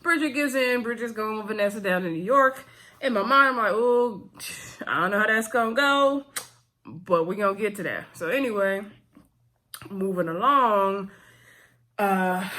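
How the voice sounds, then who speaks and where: A woman casually recapping a TV episode for her viewers, chatty and addressing them as "y'all", slipping into quick voices when she quotes characters. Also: medium pitch, bright, forceful tone. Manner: talks straight to viewers as "y'all". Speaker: TV episode reviewer.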